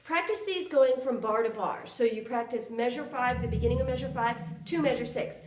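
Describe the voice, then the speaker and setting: A woman's voice: on the high side, brisk, a little mellow. A woman flute instructor giving a lesson, counting beats aloud and singing articulation syllables. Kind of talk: music lesson, counting and demonstrating. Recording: echoey room, voice from a distance. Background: flute playing.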